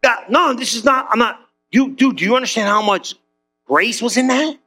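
A middle-aged male pastor preaching a lively sermon, joking and calling out to the congregation. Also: very high-pitched, normal speed, soft background music. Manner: animated, joking, calls out to the congregation.

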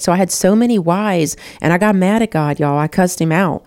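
A woman's voice: on the low side, a little fast, few pauses, darkish tone, clear, resonant tone. A woman hosting her own show, telling a personal testimony in an emotional, earnest way and talking to listeners as "y'all.". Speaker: show host.

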